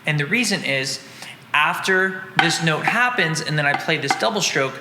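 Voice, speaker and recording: A man's voice: a little high, expressive, moderate pace, roomy sound, big-room sound, background noise. A man teaching drums, patiently explaining and counting out strokes in an instructional lesson. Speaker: drum teacher.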